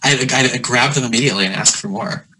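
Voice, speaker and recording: A man's voice: mid-range voice, pushed and bright, husky, poor audio. A man, a poet and editor, chatting with restarts and reading a poem aloud on a video call. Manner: halting, self-deprecating, with restarts. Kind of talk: casual chat and poetry reading. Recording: video call with noticeable background noise.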